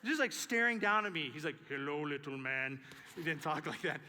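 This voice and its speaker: Animated male pastor preaching. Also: a little high, fast, a little hiss or hum. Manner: animated storytelling with emphatic repetition. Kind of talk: sermon. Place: church. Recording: echoey church sanctuary.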